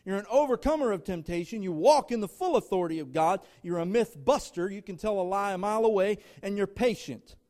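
High-voiced man preaching with emphatic lists. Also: lively intonation, quick pace, few pauses, a little mellow. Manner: emphatic preaching, rhythmic lists of short phrases, addresses the congregation directly. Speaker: guest preacher. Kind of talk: sermon. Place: church before a congregation.

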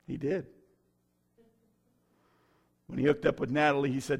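A man's voice: mid-range voice, flat delivery, unhurried, husky. A middle-aged man, a pastor, preaching a sermon with folksy stories and bursts of fervor.

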